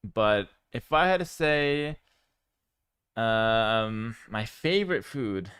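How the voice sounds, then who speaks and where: Smooth-voiced man chatting on stream. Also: on the low side, slow, no room sound, clean studio sound. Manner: relaxed and chatty, with frequent fillers. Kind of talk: casual livestream chat.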